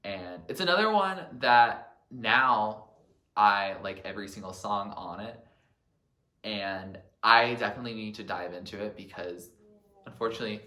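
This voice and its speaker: A man's voice: low-pitched, bright, forceful tone, echoey room. A man vlogging casually about his favorite albums, chatty and full of filler words. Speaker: music vlogger.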